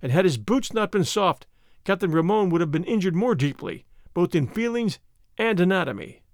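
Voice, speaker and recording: A man narrating an adventure story aloud with expressive storytelling. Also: high-pitched, normal speed, dry recording, clean studio sound. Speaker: audiobook narrator. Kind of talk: scripted narration.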